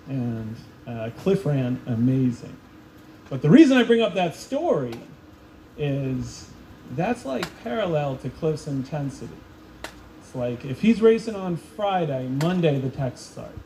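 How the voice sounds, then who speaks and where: A man coach speaks at a school ceremony with a somewhat higher voice, telling stories and acting out the people in them. Faint room ambience sits behind him. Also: slow, a little hiss or hum, low-quality recording. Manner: animated storytelling with voiced quotes. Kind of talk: ceremony speech with anecdotes. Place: school event space.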